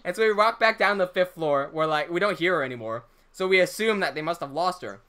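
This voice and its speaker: A young man hosting a livestream, casually telling an animated story, laughing often and swearing freely. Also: sits high, fast talker, clean tone. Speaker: livestream host.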